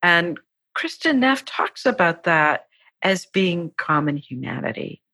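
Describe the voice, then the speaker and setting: Husky, soft-spoken woman author. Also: on the low side, sing-song, slow pace, no room sound. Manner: warm, earnest, acts out quoted voices. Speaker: guest psychologist and author. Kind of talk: podcast interview.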